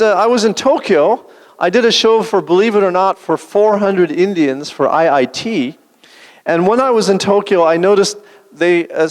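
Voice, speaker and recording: A man performing a stand-up comedy set, delivering deadpan one-liners with dry asides. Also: high-pitched. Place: large event hall. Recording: long hall reverb.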